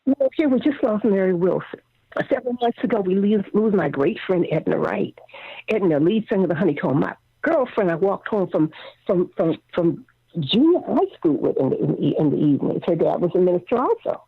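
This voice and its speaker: A woman's voice: mid-range voice, brisk, gravelly, husky, no room sound. An older woman, a singer, telling stories in a casual phone interview and acting out the voices of the people in them. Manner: animated storyteller, acts out quotes. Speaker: guest singer. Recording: dry phone line.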